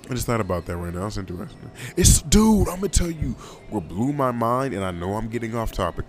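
A man's voice: medium pitch, sing-song, fast, darkish tone, soft background music. A young man hosting a casual solo podcast, talking in a loose, rambling, slangy way and often repeating himself. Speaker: podcast host.

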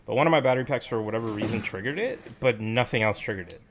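A man's voice: medium pitch, lively intonation, fast, noisy background. A man chatting casually with friends, rambling with lots of fillers and restarts. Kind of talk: casual chat.

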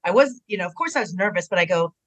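A middle-aged woman, a retired pro wrestler, telling stories in a casual interview, animated and jumping higher when she quotes people. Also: very fast, rough recording.

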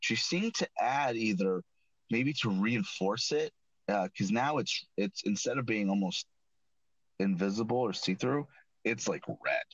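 A man's voice: lowish voice, expressive, measured pace, no room sound. A man hosting a casual chat show, recapping an episode in a rambling way with many restarts and self-corrections. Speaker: podcast host recapping an episode. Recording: dull lo-fi dry recording.

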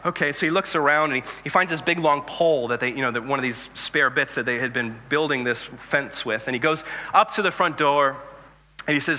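Male pastor, 30s, chatty sermon delivery with jokes, slightly high voice, long reverb. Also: fairly quick. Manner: conversational, animated storytelling with jokes.

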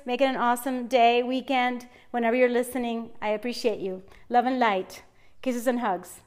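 High-voiced upbeat motivational woman. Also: steady tone, moderate pace, darkish tone. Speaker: podcast host. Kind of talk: solo podcast monologue.

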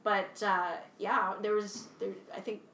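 A young woman from Canada chatting casually, animated and swearing freely, laughing often. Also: mid-range voice, a little slow, echoey room, a little hiss or hum. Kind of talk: casual chat.

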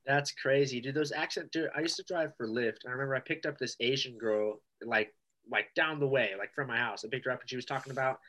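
A man chatting casually on a podcast, excitable and slangy, with lots of filler words. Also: mid-range voice, fast.

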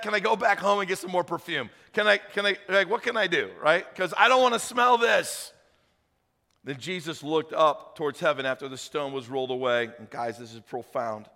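Guy preaching a sermon, high voice, acts out the story, shouts then goes quiet. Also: fairly quick, creaky, long reverb tail. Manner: animated storytelling with acted voices, shouting peaks, hushed closing appeals. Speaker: pastor. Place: church hall.

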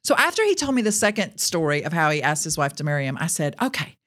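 A woman's voice: low voice, sing-song, quick pace, fairly bright tone. A woman telling a personal faith testimony in a podcast, speaking earnestly and addressing her listeners directly. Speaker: Christian speaker sharing a testimony.

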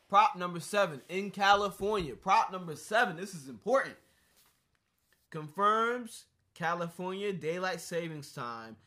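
A man's voice: a little high, pushed and bright. A man co-hosting a casual chat about ballot measures, talking bluntly and emphatically with plenty of swearing.

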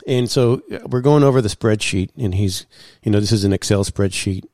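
A man guest in casual storytelling, animated, acting out what others said and using many fillers. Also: fairly low pitch, a little fast, no room sound, clean studio sound. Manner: animated, acts out quoted dialogue, many fillers.

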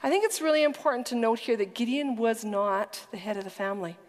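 A woman's voice: a little high, fast talker. A woman preaching a sermon with earnest, emphatic storytelling, sometimes dropping to a whisper. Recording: long hall reverb.

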